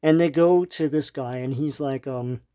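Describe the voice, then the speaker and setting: A man's voice: a little high, normal speed, dark tone. A man casually retelling a comic book story as a reviewer, rambling with many ums and restarts. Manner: laughs lightly between remarks.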